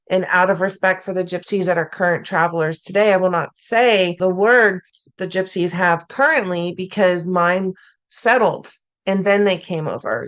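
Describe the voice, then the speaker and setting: A woman clinician speaks as a podcast guest, telling her stories emphatically and circling back to the same phrases for stress. Her voice sits at a middle pitch. The recording is muffled and lo-fi. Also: a bit bright. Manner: emphatic storyteller who repeats key phrases. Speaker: mental health clinician, guest. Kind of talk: podcast interview answer.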